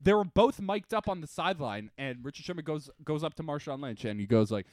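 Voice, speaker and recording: A man co-hosting a casual podcast, telling stories in an animated, agreeable way. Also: fairly high pitch, quick pace, hardly any pauses, dry recording, clean studio sound. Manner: animated, agreeable, excitable storytelling. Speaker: podcast co-host. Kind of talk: casual chat.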